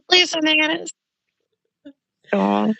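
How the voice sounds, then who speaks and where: A woman's voice: high-pitched, expressive, extremely slow, gravelly, sharp tone. A middle-aged woman with a nasal, drawling voice, chatting casually as co-host of a home video with her daughter. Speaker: co-host, the creator's mother. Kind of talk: casual chat.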